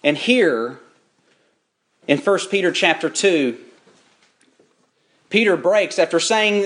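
A man preaching a sermon, shifting between folksy, chatty storytelling and drawn-out, rising emphasis on scripture. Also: high-pitched, lively intonation, a bit bright. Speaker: pastor.

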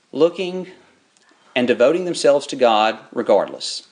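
A man preaching a sermon, shifting between folksy, chatty storytelling and drawn-out, rising emphasis on scripture. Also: medium pitch. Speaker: pastor.

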